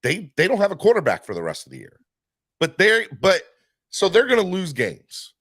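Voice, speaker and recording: Animated male sports podcast host. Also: high-pitched, normal speed, husky, dry recording, studio quality. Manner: animated, rambling with fillers. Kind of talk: live-streamed sports podcast chat.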